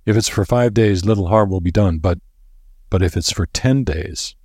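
A man's voice: low voice, darkish tone, breathy edge, dry recording, clean studio sound. A man voicing a grim, solemn old professor who lays out grave warnings in a storybook reading. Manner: grave and deliberate.

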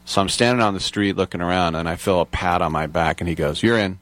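A man hosting a comedy talk show, telling lively anecdotes and acting out the people he quotes. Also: low voice, fast, dry recording. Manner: enthusiastic anecdotes, acts out quoted voices. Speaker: podcast host. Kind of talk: casual chat.

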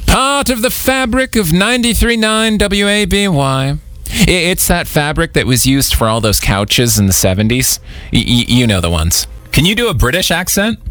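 A man's voice: a little high, sing-song, moderate pace, a bit bright, no echo. A man hosting a comedic radio bit, teasing a caller in a playful, theatrical way. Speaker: radio host.

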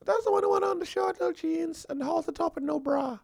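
A man voicing a young woman who questions her boyfriend in a coy falsetto. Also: quick pace, creaky, a little mellow, no room sound, clean studio sound. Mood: coy probing. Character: suspicious girlfriend setting a trap, young woman.

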